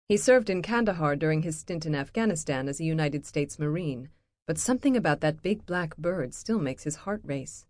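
A woman narrating an audiobook in a steady, measured read, recorded close in a studio booth. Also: low voice, dry recording.

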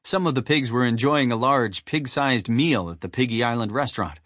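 Male narrator for a kids' audiobook: animated, husky, dry studio sound. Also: mid-range voice, normal speed, no echo. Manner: animated, storytelling. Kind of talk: scripted narration.

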